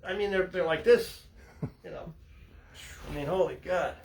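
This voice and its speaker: At a moderate pace and in a high-pitched voice, an older man who captains fishing boats shares sea tales casually, with slight hiss or hum present. Lively in the telling, he performs the voices of the people involved and laughs as he goes.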